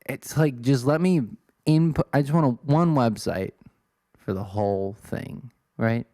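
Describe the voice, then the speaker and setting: A man's voice: medium pitch, measured pace, dark tone, no echo, clean studio sound. Rambling, self-deprecating young man. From Illinois, US. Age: 20s. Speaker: podcast host. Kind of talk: rambling solo podcast talk.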